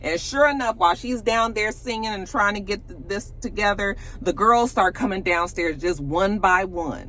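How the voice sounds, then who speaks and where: A woman's voice: mid-range voice, normal speed, few pauses. A woman casually recapping a reality show episode, acting out quotes with swearing and laughter. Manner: animated storytelling, acting out quotes, cursing, laughing.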